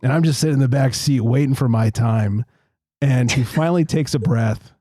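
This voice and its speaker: A man hosting a casual beer podcast, telling a story in an animated, profane way with frequent laughter. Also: mid-range voice, normal speed, no room sound, studio quality. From Los Angeles. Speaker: podcast host.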